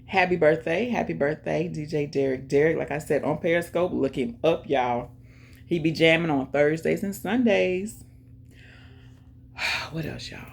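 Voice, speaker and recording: A woman hosting her own channel, chatting casually and directly to viewers, giving shout-outs and talking about faith. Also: sits low, measured pace, vocal fry, long pauses, husky. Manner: chatty, talks straight to viewers with lots of "y'all". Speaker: YouTube channel host. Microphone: earphones in, music playing in her ear.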